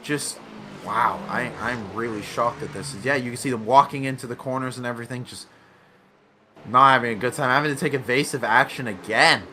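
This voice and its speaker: A man commentating a sim racing league event, excitable and often correcting himself mid-sentence. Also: medium pitch, fairly quick, slight background noise. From United States. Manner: excitable, self-correcting, laughs along. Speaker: race commentator.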